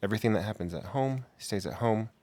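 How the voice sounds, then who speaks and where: A man's voice: on the low side, fast, a little mellow, a little hiss or hum. A man co-hosting a podcast at home, laid-back in casual chat. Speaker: podcast co-host.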